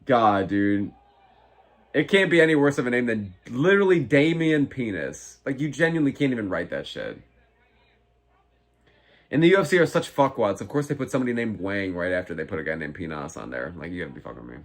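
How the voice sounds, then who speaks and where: A man in his twenties hosting a live fight watch-along, reading chat aloud and reacting in a profane, excitable way. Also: on the low side, fairly quick. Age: 20s. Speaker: live stream host.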